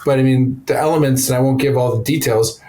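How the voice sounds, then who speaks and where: A man's voice: medium pitch, fairly even intonation, fast, mellow, poor audio. A man who is a stand-up comedian, chatting casually as a podcast guest and telling loose, rambling stories with blunt profanity.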